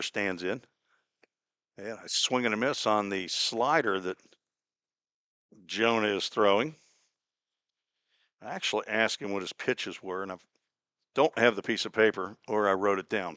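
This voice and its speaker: A man's voice: a little slow, long pauses, fairly bright tone, no room sound. Give me a chatty, folksy man calling baseball play by play, recorded dry and close. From Cincinnati, Ohio. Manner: chatty, folksy, digresses into small talk between pitches. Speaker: play-by-play announcer. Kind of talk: live baseball radio commentary.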